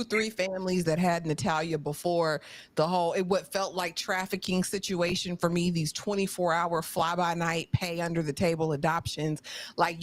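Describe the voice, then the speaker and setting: A woman guest on a live-stream discussion, joining over a video call. She speaks emphatically and deliberately, pressing her points. Her voice is lower than most women's. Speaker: guest co-host. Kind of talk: live-stream casual chat.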